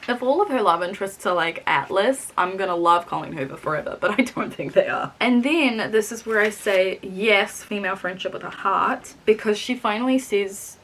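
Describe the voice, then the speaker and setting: Animated young woman chatting about a book. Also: medium pitch, normal speed, hardly any pauses, a little hiss or hum. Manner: animated, swears casually, laughs often. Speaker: book vlogger. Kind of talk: casual book review chat.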